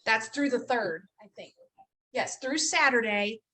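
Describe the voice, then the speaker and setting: A woman's voice: on the high side, animated, measured pace, a crowd in the background. A woman hosting a casual video call info session, upbeat and chatty, teasing and laughing often. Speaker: host of a health coach program info session.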